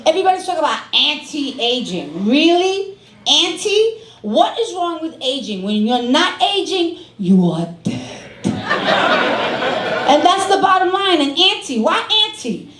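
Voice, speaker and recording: A woman's voice: sits high, measured pace, a little hiss or hum. A woman in her fifties from Brooklyn with a New York accent, doing a brassy, sassy stand-up set in a comedy club. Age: 50s. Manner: brassy, animated, sassy street-talk delivery. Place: comedy club stage with a live audience. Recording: echoey club room with crowd laughter.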